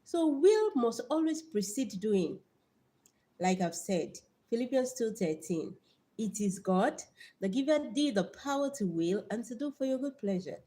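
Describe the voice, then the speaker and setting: Young Nigerian woman, Nigerian accent, fairly high voice, lively livestream host who preaches and repeats words. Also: measured pace. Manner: lively, repeats words, greets viewers by name. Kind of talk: live stream motivational talk with Bible verses.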